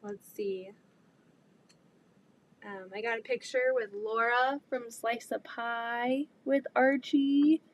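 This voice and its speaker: A woman in her thirties chatting casually while sewing, rambling about her kids and often quoting people in an excited voice. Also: a little high, takes it slowly, a little hiss or hum. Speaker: quilting vlogger and mother. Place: home sewing room.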